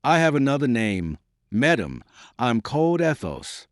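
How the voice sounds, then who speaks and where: A man reading the lines of a calm, dignified nobleman in an audiobook. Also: medium pitch, normal speed, no echo, clean studio sound, pitched above the performer's own voice, natural voice. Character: dignified proud nobleman, calm, middle-aged.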